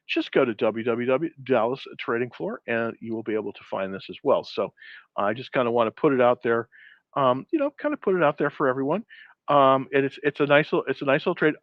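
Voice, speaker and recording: A man's voice: medium pitch, no echo. A man hosts a trading show, wandering through stock picks in loose, casual commentary full of fillers and restarts. His voice sits in a middling register. The sound is dry and dull, like a lo-fi home recording. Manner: rambling, many restarts and fillers.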